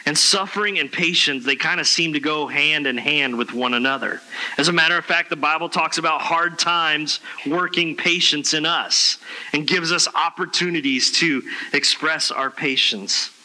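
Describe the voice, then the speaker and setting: Bright-voiced pastor preaching casually. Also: male voice, a little high, moderate pace, poor audio. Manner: conversational, animated storytelling with casual slang. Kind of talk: sermon.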